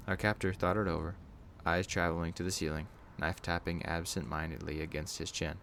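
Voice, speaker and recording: A man narrating a scary first-person story in a steady, scripted storytelling manner. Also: low voice, brisk, vocal fry, hardly any pauses, slight background noise.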